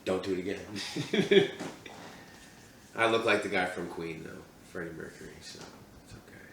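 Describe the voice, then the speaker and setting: A man co-hosting a podcast, telling crude stories in animated casual banter. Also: low-pitched, moderate pace, creaky, echoey room, recorded from a distance, a little hiss or hum, rough recording. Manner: crude, animated storytelling, swears a lot. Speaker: podcast co-host.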